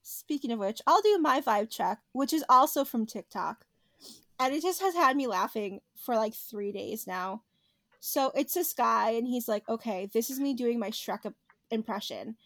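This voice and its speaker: A young woman co-hosting a podcast in casual chat, animated and laughing often as she tells stories. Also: on the high side, moderate pace, dry recording. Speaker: podcast co-host.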